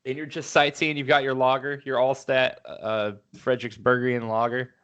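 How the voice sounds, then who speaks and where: A man with a mid-range voice co-hosts a podcast in relaxed, casual conversation. He talks playfully and likes to set up goofy hypothetical situations for his co-host. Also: medium pitch, normal speed, clear, resonant tone, lo-fi sound. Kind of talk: casual chat.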